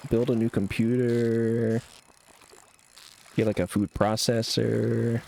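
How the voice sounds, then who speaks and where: A man's voice: medium pitch, creaky, dark tone, slight background noise. A young man streaming a game live, chatting casually with a sarcastic, laid-back manner and frequent laughs while reacting to chat.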